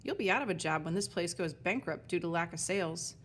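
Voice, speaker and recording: A woman voicing a hungry, sharp-tongued young girl in a storybook reading, snapping back with sarcasm. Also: fairly low pitch, a little fast, a little hiss or hum, lightly acted. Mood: indignant.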